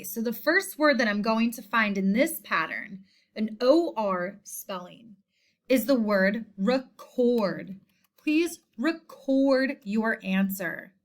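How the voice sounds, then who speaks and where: A woman teacher giving a spelling lesson, speaking slowly and deliberately and repeating each word. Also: fairly high pitch. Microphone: screen recording voice-over.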